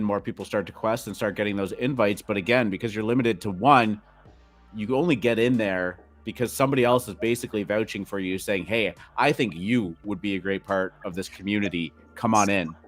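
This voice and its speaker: Low-voiced man explaining calmly. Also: fairly quick, faint music behind. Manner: easygoing, explanatory. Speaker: co-host. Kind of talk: casual podcast chat.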